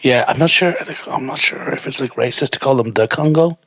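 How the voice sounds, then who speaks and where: A man's voice: medium pitch, fairly quick, fairly bright tone, dry recording. A young man co-hosting a podcast, chatting casually and joking, swearing freely and acting out the people he talks about. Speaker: podcast co-host. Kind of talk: casual chat. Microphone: close studio mic.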